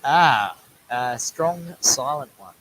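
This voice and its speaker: A man in his thirties with an Australian accent, a viewer chatting lively and jokingly on a live stream over a webcam. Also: medium pitch, slow pace, low-quality recording. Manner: lively, joking, says mate a lot. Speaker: guest viewer. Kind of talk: casual live-stream chat.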